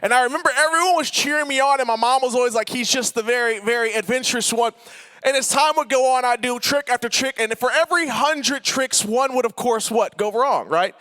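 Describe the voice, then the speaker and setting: A young man giving a storytelling sermon to a conference crowd, animated and playful, swinging between loud outbursts and soft asides. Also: very high-pitched, fairly quick, hardly any pauses, smooth. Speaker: conference speaker. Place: large hall with live audience.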